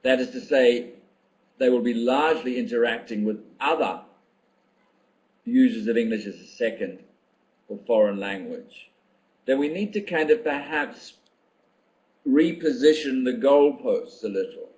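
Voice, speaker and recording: An older man hosting a live online teacher-training session, musing aloud over comments from viewers. His voice sits at an ordinary pitch, and he talks in a reflective, unhurried way, pausing with ums as he thinks. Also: darkish tone, rough recording. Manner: thoughtful, reflective, with frequent ums and pauses. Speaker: teacher trainer giving a webinar. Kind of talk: live webinar talk reading out participant comments.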